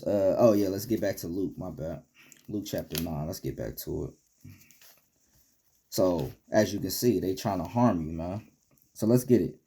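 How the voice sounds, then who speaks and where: Animated slangy man teaching scripture. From United States. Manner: animated, swings from loud rebukes to low asides; slangy, ends phrases with "man". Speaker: Bible teacher. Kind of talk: street-talk Bible lesson.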